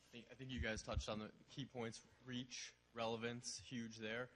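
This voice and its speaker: A man's voice: medium pitch, flat delivery, normal speed, a bit bright, a little hiss or hum. Wry male panelist. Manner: wry, full of restarts. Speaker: panelist, brand marketer. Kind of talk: panel discussion.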